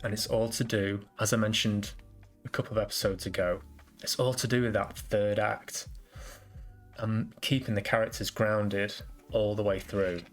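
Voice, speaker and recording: Rambling low-voiced man hosting a podcast. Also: level tone, normal speed, soft background music. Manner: rambling, self-deprecating, restarts often. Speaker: podcast host. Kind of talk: casual solo podcast chat.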